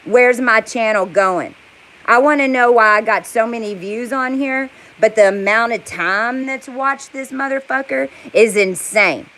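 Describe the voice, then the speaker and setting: A woman's voice: on the high side, unhurried, fairly bright tone, rough recording. A woman delivering an angry, profane, rambling rant to camera. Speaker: vlogger. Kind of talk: heated monologue to camera.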